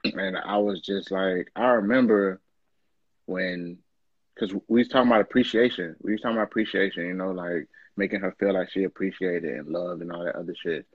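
A married man co-hosting a podcast, chatting casually and reflecting in a relaxed storytelling way. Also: low voice, brisk, husky, no echo, dull audio. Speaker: podcast co-host. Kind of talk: casual chat.

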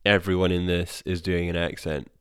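A man's voice: low-pitched, flat delivery, moderate pace, smooth, no room sound, clean studio sound. A man co-hosting a podcast in loose, rambling, profane casual chat. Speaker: podcast co-host. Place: indoor room.

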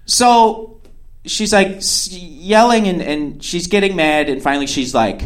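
A man's voice: sits high, unhurried. A young man doing stand-up comedy, telling a story in a rambling way and laughing through his lines.

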